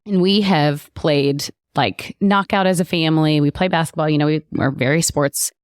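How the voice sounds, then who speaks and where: A woman's voice: sits low, steady tone, normal speed, no echo, studio quality. A woman co-hosting a podcast in casual chat, agreeable and building on her partner's points. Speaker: podcast co-host.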